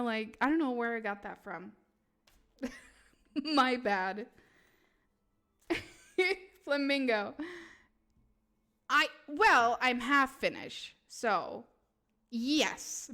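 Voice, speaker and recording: A young woman, streaming tarot readings and chatting with her viewers, laughing often and answering chat in an animated way. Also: a little high, clear, resonant tone. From Sweden. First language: Swedish. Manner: giggly, animated, talks back to chat. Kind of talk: casual live-stream chat.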